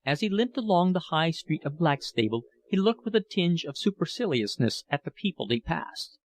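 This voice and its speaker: A man reading a classic novel aloud as an audiobook narrator, with a measured, expressive delivery. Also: on the high side.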